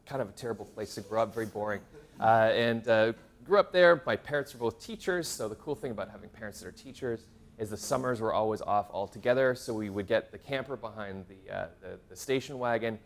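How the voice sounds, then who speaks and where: A man's voice: on the low side, fairly quick. A man in his forties from Canada, giving a casual, self-deprecating workshop talk to graduate students with many fillers and restarts. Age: 40s. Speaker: workshop presenter. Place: university seminar room.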